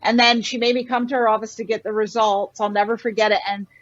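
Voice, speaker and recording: A middle-aged woman, a doctor guest on a podcast, telling stories in a passionate, animated way. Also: fairly high pitch, fast talker, lo-fi sound. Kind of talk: casual interview talk.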